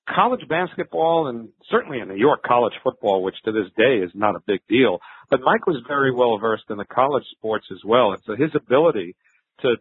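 A man's voice: mid-range voice, husky. An older man, a veteran sports broadcaster, telling stories in a conversational interview, with fillers and restarts. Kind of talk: reflective interview answers. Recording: thin phone-like line.

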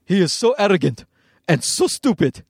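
A man's voice: sits high, sing-song, moderate pace, a little mellow, husky, dry recording, clean studio sound, exaggerated voice. Man putting on a menacing Egyptian-accented voice. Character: angry burly Egyptian man texting threats.

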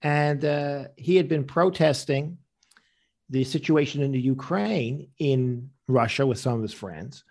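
A man's voice: mid-range voice, unhurried, a little mellow. A man answering interview questions with rambling anecdotes, acting out the people he quotes. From Canada. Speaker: interview guest, comedian.

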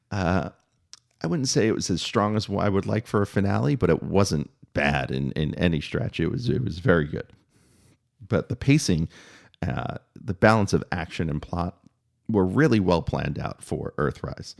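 A man talking through a spoken review, opinionated and measured, with frequent fillers and restarts. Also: low-pitched, expressive, vocal fry.

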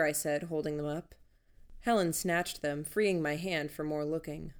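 A woman reading a first-person story aloud in an even, measured storytelling manner. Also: low voice. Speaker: audiobook narrator. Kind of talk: first-person audiobook narration.

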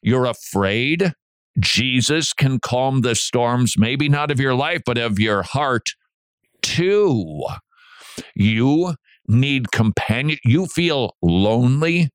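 A middle-aged man hosting a Christian radio talk show, preaching in an animated way with asides and restarts. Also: medium pitch, slow, smooth, no room sound, studio quality. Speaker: radio host.

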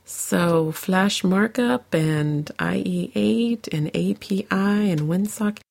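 Woman, podcast co-host, sore throat, gravelly fry, laughs a lot, casual comment reading. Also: on the low side, moderate pace, few pauses. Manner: chatty, laughs often. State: sore throat after coughing. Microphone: home podcast microphone.

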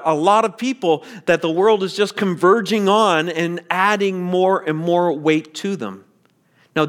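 A man preaching a sermon as pastor, earnest and deliberate, with stammered restarts. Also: fairly high pitch, a bit bright.

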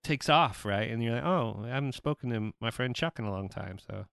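A man hosting his own podcast, talking in a relaxed, rambling way with many fillers. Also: mid-range voice, fairly quick, gravelly, clear, resonant tone, no echo. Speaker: podcast host. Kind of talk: casual chat.

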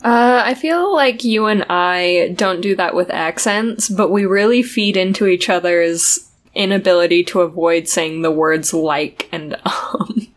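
A woman with a Southern Utah accent co-hosting a podcast in casual chat, laughing often and using lots of "like" and "um". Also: on the low side. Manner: slow, laughing, filler-heavy. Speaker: podcast co-host.

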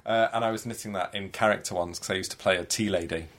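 Animated man guest. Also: low-pitched, quick pace. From Yorkshire, England. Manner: animated, self-deprecating storyteller. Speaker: guest, performer. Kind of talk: casual interview chat.

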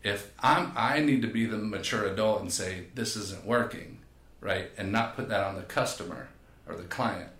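A man, a podcast guest and personal trainer, telling stories in a casual, animated way and acting out quotes. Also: on the low side, normal speed. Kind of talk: casual storytelling. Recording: echoey room.

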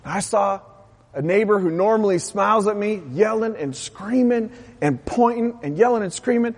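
A pastor preaching a lively, impassioned sermon, then dropping into a soft, quiet prayer. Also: male voice, high-pitched, normal speed, slightly rough. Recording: long hall reverb.

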